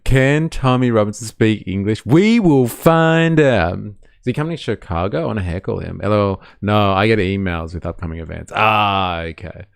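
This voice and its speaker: A man's voice: sits low, vocal fry, smooth, no room sound, clean studio sound. A man hosting a live stream and reacting to clips, sarcastic and laughing as he talks to his chat. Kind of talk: casual reaction commentary.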